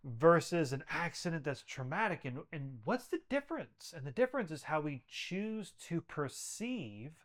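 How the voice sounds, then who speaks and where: This podcast guest, a health practitioner who works with patients, is very animated, talking at a normal speed in a slightly high voice with few pauses. In conversational interview storytelling, he presses his points earnestly and emphatically through repetition.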